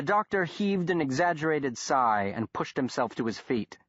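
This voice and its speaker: A man narrating an audiobook in a measured, steady storytelling manner. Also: fairly high pitch, dry recording, lo-fi sound. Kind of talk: scripted narration.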